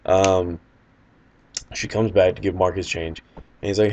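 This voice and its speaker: A man's voice: low voice, fairly even intonation, measured pace, a little mellow, a little hiss or hum. A man casually telling a personal anecdote in a loose, rambling, wry way. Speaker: storyteller.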